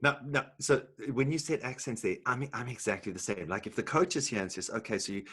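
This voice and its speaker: A South African man hosts over a video call and keeps teasing his guest. He talks quickly with a lively, swooping pitch, and his voice is husky. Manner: teasing, playful. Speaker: podcast host, comedian. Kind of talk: casual video-call chat.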